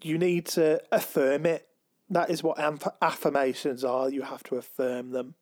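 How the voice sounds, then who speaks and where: A man co-hosting a podcast in casual chat, talking slowly with many ums and restarts. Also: on the high side, flat delivery, a little mellow. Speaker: podcast co-host.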